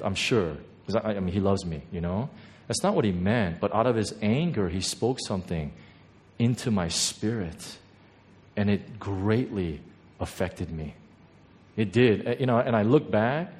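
A man delivers a sermon to his congregation, his voice sitting a little low. He talks it through like a personal story, relaxed and conversational, tossing in "right?" to keep the room with him. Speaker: pastor. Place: church hall before a congregation.

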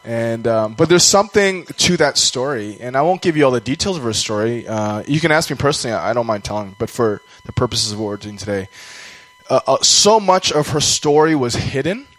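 A man's voice: medium pitch, lively intonation, a little fast, fairly bright tone, poor audio. A Canadian man telling a personal story during a sermon, rambling and self-deprecating, sometimes acting out the voices of people he quotes.

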